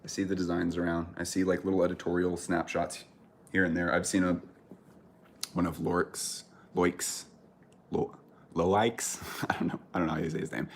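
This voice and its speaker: An American man with a very deep voice chats casually with viewers on a livestream. He rambles, stops to correct himself and often trails off into laughter. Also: monotone, quick pace, a little hiss or hum. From United States. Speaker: streamer chatting with viewers.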